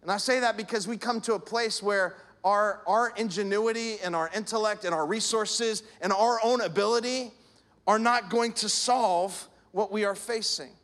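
A man in his thirties or forties preaching to his congregation in a chatty, conversational way, slipping into playful imitations as he tells stories. His voice sits high for a man. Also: normal speed, fairly bright tone. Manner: conversational preaching with acted-out anecdotes. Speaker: pastor. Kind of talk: sermon.

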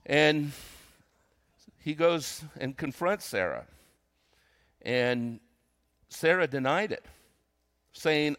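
An older man, a retired senior pastor, preaching a sermon, reading scripture slowly and acting out quotes between casual comments. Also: a little high, sing-song, a bit bright. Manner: reads scripture slowly, then comments conversationally with dramatized quotes.

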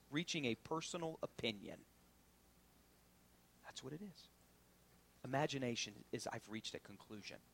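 A man preaching a sermon as pastor, swinging from loud preaching to hushed whispers. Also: medium pitch, gravelly.

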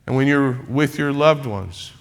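A man's voice: mid-range voice, unhurried. A man preaching a sermon in church, building repeated refrains that rise into emphatic passages. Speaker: pastor.

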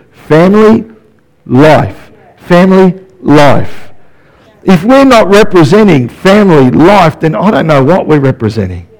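Aussie pastor guy preaching, kinda high voice, chatty, keeps asking yeah?. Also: a little mellow, poor audio. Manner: conversational preaching with frequent "yeah?" check-ins. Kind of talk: sermon.

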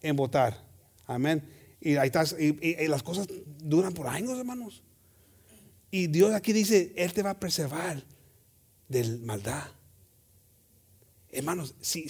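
A man preaching a sermon, switching between English and Spanish, calling out amen and hermanos, swinging from loud to soft. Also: high voice, husky. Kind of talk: bilingual sermon.

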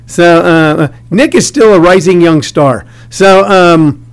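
A high-voiced middle-aged man hosting a talk show. He rambles and jokes his way through questions, restarting sentences often. His tone stays light and chatty. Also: slow, slight background noise. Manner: rambling, jokey, many restarts. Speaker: radio host interviewing comedians. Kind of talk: casual interview chat.

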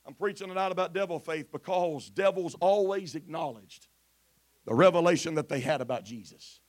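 A man preaching a sermon in church in a chanting, shouted cadence full of "uh" fillers, sometimes dropping to a quiet delivery. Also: normal speed. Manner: drops to quiet, low delivery at times. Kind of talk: Pentecostal sermon.

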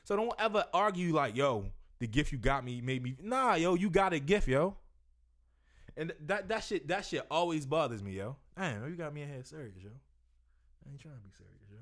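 A man's voice: on the high side, expressive, fairly quick, fairly bright tone. A man ranting animatedly in casual podcast chat, self-interrupting and saying "yo" constantly.

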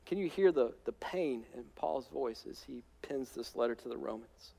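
A man preaching a sermon as pastor, animated, swinging between loud emphatic peaks and hushed asides. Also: medium pitch, normal speed, vocal fry, in a large hall.

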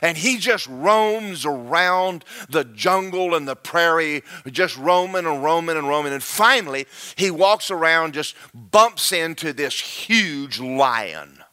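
A man preaching a sermon through a story, fast and animated, rising into shouted praise. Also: on the high side, smooth.

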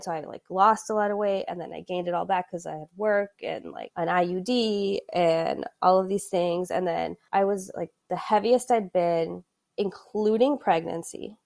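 A woman's voice: mid-range voice, creaky, a little mellow. Woman in her thirties, talkative guest with a casual, laugh-prone delivery. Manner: chatty, frequent "like" fillers, laughs mid-sentence. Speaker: podcast guest. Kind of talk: casual conversational storytelling.

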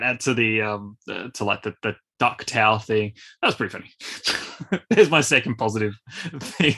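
Bright-voiced rambling man. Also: mid-range voice, normal speed. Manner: rambling, animated, repeats words. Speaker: podcast co-host. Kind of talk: casual film review chat.

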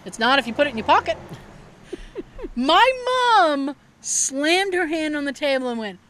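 A woman hosting a podcast, telling a family story in casual chat, animated and swearing freely with frequent laughter. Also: high voice, moderate pace, background noise. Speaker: podcast host.

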